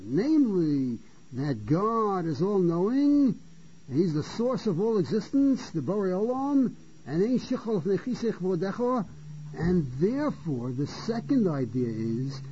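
A man with a high, husky, mellow voice gives a Torah lecture, circling back over his words and restarting sentences. He poses questions to the class, often clears his throat, and sounds dull and lo-fi. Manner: halting, repeats phrases and restarts, asks rhetorical questions. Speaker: rabbi teaching a class. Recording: dull lo-fi recording.

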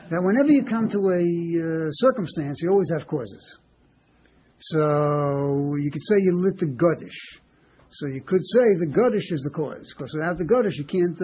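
A man teaching a Talmud class in a halting way, often repeating words and checking in with his listeners. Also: a little high, a little mellow. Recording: dull lo-fi recording with faint hiss.

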